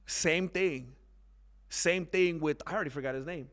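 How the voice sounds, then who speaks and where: A young man giving a rambling casual monologue on fight news, animated and mocking. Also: normal speed. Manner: rambling, animated, mocks others in high exaggerated voices. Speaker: MMA commentary YouTuber.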